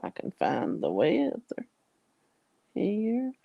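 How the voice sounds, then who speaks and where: A woman's voice: mid-range voice, wildly swooping pitch, slow pace, creaky, no room sound, narrow, tinny audio. A woman, chatting casually on a video call in a folksy, drawling way. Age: 60s. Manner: chatty, folksy, yawning and laughing.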